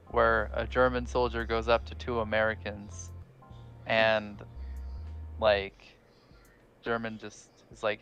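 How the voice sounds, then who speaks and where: A man's voice: medium pitch, a bit bright, muffled recording. A young man, a guest on a casual call, who explains his points at length and thinks aloud as he goes. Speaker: guest panelist. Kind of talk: casual group discussion.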